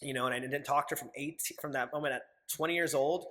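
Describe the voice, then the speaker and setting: A young man in his twenties talks as a guest in a casual interview. His voice sits at an ordinary middle pitch. He tells his stories candidly, swears freely, and acts out the things he once said. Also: fairly even intonation, quick pace, fairly bright tone. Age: 20s. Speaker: podcast guest.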